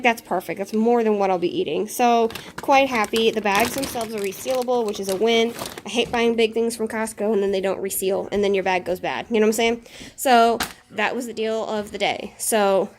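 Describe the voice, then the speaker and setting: A woman's voice: a little high, a little hiss or hum. A woman in her thirties chatting casually through a haul vlog at home, slightly out of breath from a chest cough, rambling with frequent fillers and laughs. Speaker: vlogger.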